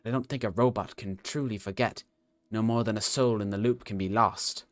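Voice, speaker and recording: A man's voice: fairly low pitch, steady tone, brisk, dry recording, lightly acted. A man reading the urgent, earnest lines of a stern woman scholar from a game aloud.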